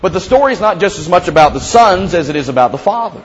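A man's voice: sits high, expressive, fast talker, muffled recording. A man preaching a sermon as a pastor in a conversational, storytelling way, often acting out the prayers he quotes. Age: young adult or middle-aged father.

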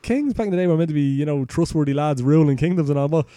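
A man with an Irish accent rambles through a fairy tale on a podcast, swearing freely and joking as he goes. His voice is mellow and dark. The sound is dry and close. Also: on the high side, fast, no room sound. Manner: crude, sweary, rambling retelling. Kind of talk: casual comic storytelling.

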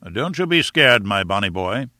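Homem fazendo aristocrata cordial, enérgico, tom de comando, gravação seca. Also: male voice, lowish voice, sing-song, sharp tone, no room sound, studio quality. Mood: hearty. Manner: brisk, hearty, commanding. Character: brisk hearty aristocratic man, adventurer.

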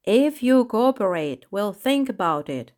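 A woman's voice: medium pitch, sing-song, unhurried, darkish tone. A woman voicing an irritated male peacock who questions a villain in a storybook, in a raised, insistent tone. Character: fussy, bossy male peacock detective. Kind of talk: storybook reading.

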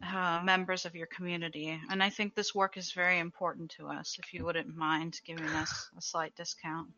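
A woman's voice: lowish voice, little pitch movement, normal speed, sharp tone. A woman voicing her polite adventurer character, who asks for a discount in a tabletop game, in a dull lo-fi recording. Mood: coaxing. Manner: politely persuasive.

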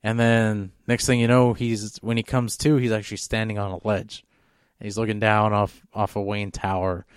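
Telling a long story casually on a podcast, this male co-host rambles with many fillers and restarts, though he pauses little. His fairly low, clean voice holds a level tone at normal speed, and the recording is dry and studio-clean.

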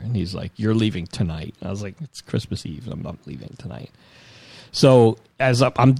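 Low-voiced man telling a rambling story. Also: a little mellow, slightly rough, no echo. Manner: rambling, self-mocking, quick asides. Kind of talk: casual chat, comic storytelling.

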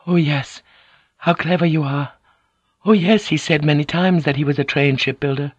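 A man voicing a gentle, devoted young noblewoman who speaks in a soft, deferential and pleading way. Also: on the high side, moderate pace, slightly rough, no room sound, highs cut off, pitched above the performer's own voice. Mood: earnest, deferential.

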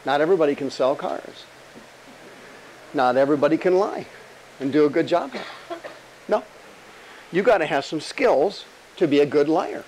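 A man's voice: a little high, lively intonation, a little mellow, slight background noise, rough recording. Man preaching with rhetorical questions. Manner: conversational, rhetorical questions, emphatic slow stresses. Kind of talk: sermon Bible teaching.

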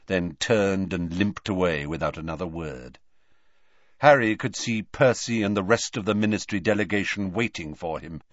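Slow lively male narrator, lowish voice, kinda dull dry studio sound. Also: no room sound. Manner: measured, expressive storytelling. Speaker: audiobook narrator. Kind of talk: scripted narration. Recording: slightly dull, dry audiobook recording.

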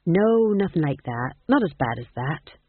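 A man's voice: a little high, very animated, moderate pace, dry recording. A reader voicing a timid young male jester who talks hesitantly and earnestly. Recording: tinny, dry phone-like audio.

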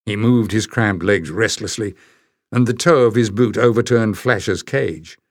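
A man narrating a storybook in a measured, even manner. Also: fairly low pitch, no echo, studio quality. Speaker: audiobook narrator. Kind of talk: scripted narration.

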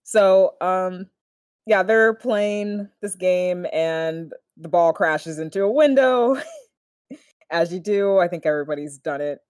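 A young woman recapping a TV episode in casual chat, laughing often and gushing with animated delight. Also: on the low side, slow, no echo, studio quality.

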